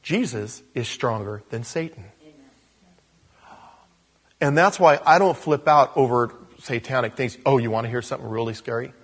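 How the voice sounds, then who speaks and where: A man, a pastor, telling a story during a casual, animated sermon in a church. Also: medium pitch, moderate pace, slightly rough.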